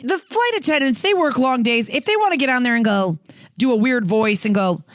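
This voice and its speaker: A woman's voice: a little high, animated, a little fast, no room sound, clean studio sound. A woman co-host in casual podcast chat, blunt and profane.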